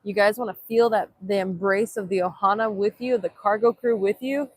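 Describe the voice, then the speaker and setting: A woman's voice: mid-range voice, fairly even intonation, normal speed, no room sound. A young woman chatting casually on a livestream outdoors at sunrise, reading chat aloud in a playful way, filmed on a handheld phone. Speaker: livestream vlogger.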